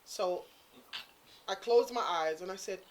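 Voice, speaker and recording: At a measured pace and medium pitch, this woman relates a story in casual conversation as a guest storyteller. Her English is Caribbean-inflected, she's animated and voices the characters' quotes, and there's a little hiss or hum.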